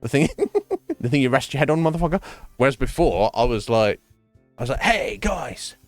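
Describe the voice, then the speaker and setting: A man's voice: mid-range voice, expressive, brisk, darkish tone, no echo, faint music behind. A man chatting casually on a gaming stream at home, rambling and swearing freely. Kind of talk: casual chat while gaming.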